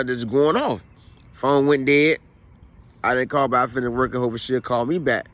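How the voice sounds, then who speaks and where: A man's voice: mid-range voice, fairly even intonation, moderate pace, fairly bright tone. Chatty man telling a family story. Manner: conversational, repeats phrases, frequent "you know what I mean". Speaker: vlogger. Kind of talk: casual storytelling vlog.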